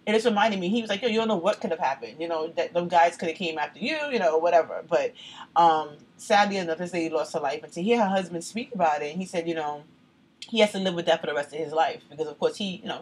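A woman co-hosting a casual podcast, talking fast and spilling one story into the next. Her voice is husky and sits a little low, and she acts out the quotes as she goes. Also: a little mellow, poor audio. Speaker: podcast co-host. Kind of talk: casual chat.

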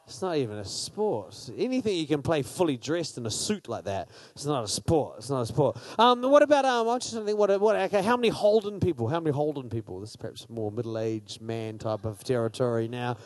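A man speaking to a crowd, playful and energetic as he polls the audience with quick questions. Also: mid-range voice, dry recording. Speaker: speaker at a church gathering. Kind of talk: lively talk to a crowd.

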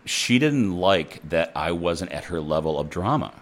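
Deep-voiced blunt male nurse. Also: a little slow. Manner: blunt and profane, animated. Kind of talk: casual storytelling.

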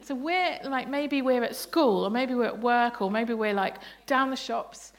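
A woman's voice: a little high, measured pace. A woman leading an interactive family sermon in church, playful and laughing as she asks the congregation questions. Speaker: bible study leader. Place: church service.

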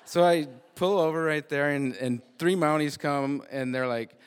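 A man telling a personal road-trip story live, animated and often repeating or restarting his words. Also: a little high, unhurried, hardly any pauses, clear, resonant tone. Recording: long hall reverb.

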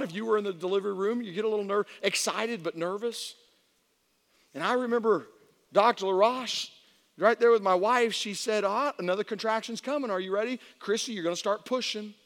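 A middle-aged man, a pastor, telling a personal story in a sermon, animated and acting out voices. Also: high voice. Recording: long reverb of a large hall.

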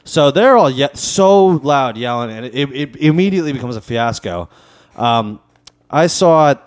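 A man's voice: mid-range voice, expressive, moderate pace. A man hosting a podcast, telling a story in casual chat, swearing and acting out the quotes. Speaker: podcast host.

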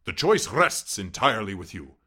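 A man's voice: fairly low pitch, sing-song, normal speed, bright, forceful tone, husky, full character voice. A man voicing a suave, menacing aristocratic Cossack general in an audiobook reading, with a courtly, mocking manner.

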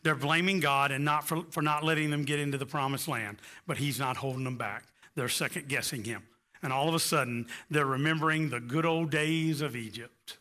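Impassioned high-voiced male preacher. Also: brisk, bright, forceful tone. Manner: impassioned preaching, rising to emphatic peaks. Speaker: pastor. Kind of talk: sermon.

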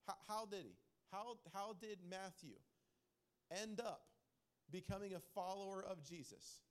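Male pastor, sermon delivery, slightly high-pitched, earnest, repeats lines for weight. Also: a little slow, clean tone. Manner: earnest, repeats key phrases for emphasis. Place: church hall with congregation.

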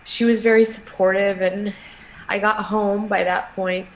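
A middle-aged woman, a guest in an interview, telling a personal story in a halting, emotional way with many restarts. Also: mid-range voice, flat delivery, slight background noise, low-quality recording.

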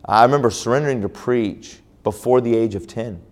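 This mid-pitched male pastor moves fairly quickly through a testimony at a church conference, his tone a little mellow. Fillers and frequent restarts run through his sermon-style storytelling.

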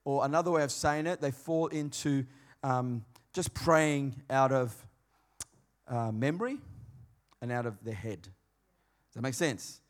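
A man preaching a sermon in a conversational, emphatic way, swinging between quiet and loud. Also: mid-range voice, a little slow, long pauses. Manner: conversational, emphatic, varied dynamics.

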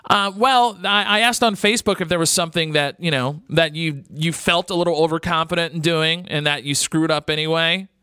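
A man hosts a radio show from a studio, chatting in a loose, rambling way. He jokes along and stops often with "uh" and "you know." His voice is bright, smooth, fairly high and dry, close on a studio microphone. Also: steady tone, a little fast, hardly any pauses, no echo. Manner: rambling, joking, chatty with many fillers. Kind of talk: casual radio talk.

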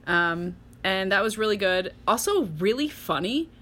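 A woman's voice: medium pitch, lively intonation, moderate pace, fairly bright tone. A woman in a casual podcast chat, rambling through what she has been reading and watching, with laughter and dry sarcastic asides. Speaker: podcast co-host.

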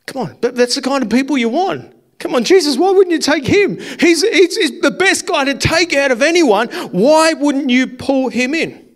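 A male pastor preaches fervently to his congregation in a church hall, repeating his points and firing off rhetorical questions in an impassioned way. His voice is very high, with lively intonation and a moderate pace.

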